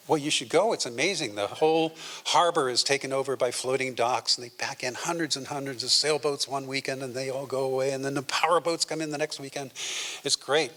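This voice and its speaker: A man's voice: mid-range voice, a bit bright, long reverb tail. A man on a theater stage reciting humorous rhyming poems and telling jokes to a live audience, with rhythmic, chatty delivery. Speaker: fisher poet performer.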